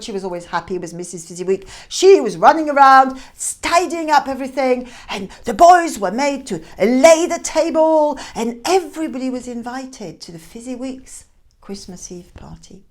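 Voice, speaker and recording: A woman telling a classic tale aloud in a chatty, expressive way with hesitant asides. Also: on the high side. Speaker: storyteller. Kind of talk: informal oral storytelling.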